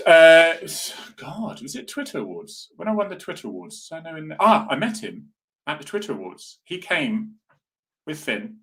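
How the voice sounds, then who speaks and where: A man's voice: fairly high pitch, very animated, moderate pace, fairly bright tone. A man hosting a casual live chat, talking earnestly and rambling as he answers viewer comments. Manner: rambling, earnest, with many restarts and asides to viewers. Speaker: host.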